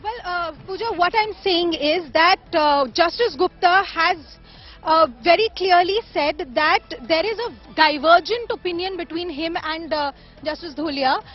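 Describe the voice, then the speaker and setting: A very high-voiced woman delivers a live news report outdoors, pausing often with fillers as she gathers her words. The audio sounds dull and lo-fi, like a broadcast feed. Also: faint music behind. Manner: hesitant, many fillers. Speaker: field reporter. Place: outdoors at a court.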